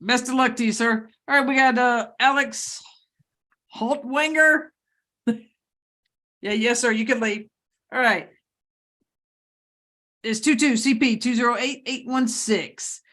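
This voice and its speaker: A woman judge running a courtroom hearing, reading charges and bond amounts in a brisk, joking manner. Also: fairly high pitch, steady tone, a bit bright. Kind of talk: courtroom proceedings.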